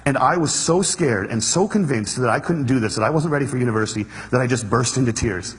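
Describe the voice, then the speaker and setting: Man, motivational speech, quick delivery, husky voice, long hall echo. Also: mid-range voice. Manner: storytelling, earnest, quick, plays the room for laughs. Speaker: speaker. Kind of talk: motivational stage talk. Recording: hall reverb.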